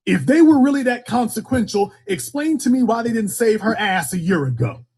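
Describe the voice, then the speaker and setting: A man's voice: high-pitched, expressive, normal speed, darkish tone, breathy edge. A man hosting a political call-in show, talking in a fiery, emphatic way and hammering his points home with repetition.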